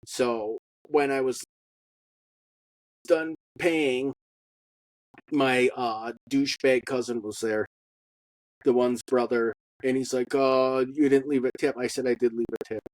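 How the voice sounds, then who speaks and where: A man talks through his own story in a halting, unpolished monologue. He stops often on ums and uhs and swears bluntly. His voice sits at a middling pitch and comes across dry, with no room sound around it. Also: fairly even intonation, dry recording, poor audio. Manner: halting, with many fillers and blunt profanity. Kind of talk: personal testimony monologue.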